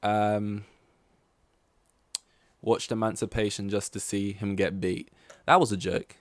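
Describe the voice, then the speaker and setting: Rambling, sweary podcast host. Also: male voice, on the low side, flat delivery, takes it slowly, no echo. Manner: rambling, sweary, loses his thread. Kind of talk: casual solo podcast chat.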